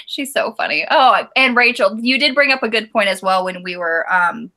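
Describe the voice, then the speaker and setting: Bright-voiced chatty woman. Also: medium pitch, expressive, normal speed, hardly any pauses. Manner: chatty, giggly. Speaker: book podcast co-host. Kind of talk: casual book discussion.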